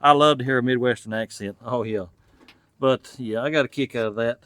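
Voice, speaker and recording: A Tennessee mechanic with a Southern US accent hosts his channel from the garage, working on an old truck and thinking aloud as he chats to the camera. His voice is mid-range and a bit bright, he talks a little fast, and no room sound comes through.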